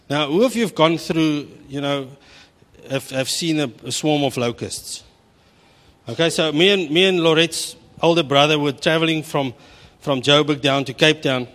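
A middle-aged South African preacher tells his sermon with humor and animated storytelling. His fairly high voice rises and falls constantly. A long hall reverb trails every line.

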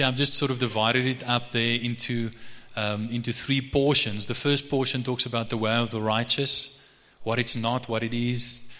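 A man's voice: mid-range voice, sharp tone. Man preaching in an echoing hall. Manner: conversational preaching with frequent restarts and fillers; slow measured reading of scripture. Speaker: pastor. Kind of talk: sermon. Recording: reverberant hall.

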